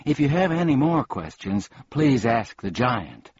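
A man's voice: mid-range voice, very animated, measured pace, darkish tone, dull audio, slight background noise, pitched above the performer's own voice. A man playing a pompous, scatterbrained ordinary man. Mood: cheery, rambling.

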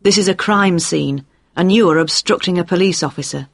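A brisk female detective speaks calmly and firmly, taking charge of the scene as the narrator reads her lines. The pitch is mid-range and the sound is dry and close-miked in an audiobook. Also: vocal fry, slightly rough, no room sound. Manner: calm, firm.

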